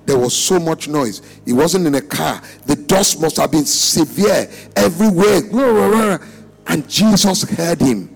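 A man preaches in a church service, his high voice leaping and falling wildly between shouts and hushed lines. His tone is husky and gravelly, pulling the congregation into call and response, with faint music underneath. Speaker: pastor. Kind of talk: sermon.

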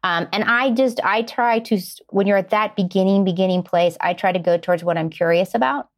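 A woman's voice: mid-range voice, fairly quick. A middle-aged woman, a screenwriter, answering interview questions in an earnest way and explaining her ideas through everyday examples. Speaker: screenwriter guest.

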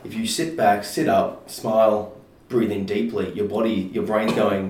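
A man's voice: fairly low pitch, flat delivery, measured pace, darkish tone. A man talking casually about anxiety, loose and informal, with lots of fillers and some swearing. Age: adult parent of a toddler. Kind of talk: casual chat. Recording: roomy, distant mic with faint noise.

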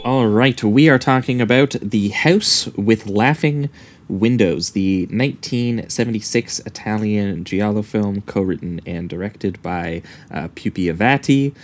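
Low-voiced man hosting a film chat. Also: unhurried. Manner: hesitant, many fillers and restarts. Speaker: podcast host. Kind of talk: casual film discussion.

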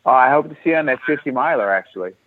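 A man's voice: medium pitch, expressive, rapid-fire, a crowd in the background. American man on a tinny phone line. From United States. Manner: chatty, laughs easily. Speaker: guest runner on the phone. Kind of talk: casual phone chat.

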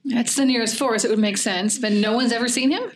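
Woman, player, firm and direct, higher voice. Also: fast, a little hiss or hum. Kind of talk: tabletop role-play.

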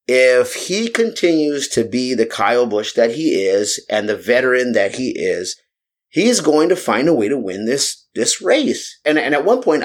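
A man co-hosting a podcast, telling a long story in casual chat with many fillers and restarts. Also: medium pitch. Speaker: podcast co-host.

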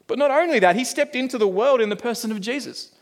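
High-voiced earnest male preacher. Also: fast. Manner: earnest, conversational, rhetorical questions. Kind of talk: sermon.

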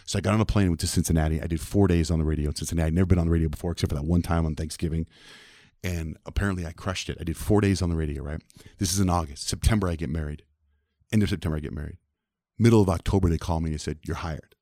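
Fast-talking deep-voiced man telling stories. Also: dry recording, studio quality. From southwestern United States. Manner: animated, acts out quoted voices. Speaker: interview guest, radio personality. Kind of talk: conversational storytelling.

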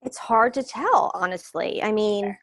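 A woman's voice: medium pitch, a little slow, fairly bright tone, no room sound. Woman podcast guest, easygoing, rambling, dry close sound. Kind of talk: casual podcast chat.

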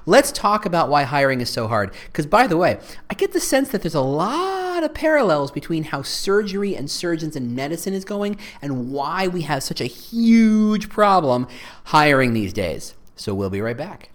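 A man's voice: a little high, big pitch swings, normal speed. A man hosting a solo podcast, talking in a joking, rambling, self-deprecating way. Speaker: podcast host.

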